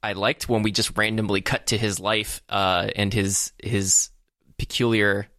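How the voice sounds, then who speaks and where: A man's voice: lowish voice, flat delivery, measured pace, fairly bright tone, no room sound, studio quality. A man co-hosting a casual movie podcast, talking in a rambling, hesitant way with many fillers and restarts. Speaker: podcast co-host.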